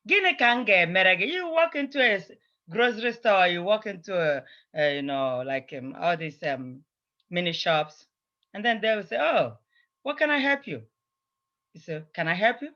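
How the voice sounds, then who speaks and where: Woman language teacher, bright tone, patient drilling of phrases, dull lo-fi recording. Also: medium pitch. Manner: drills phrases, repeating each several times. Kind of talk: slow, repetitive language lesson.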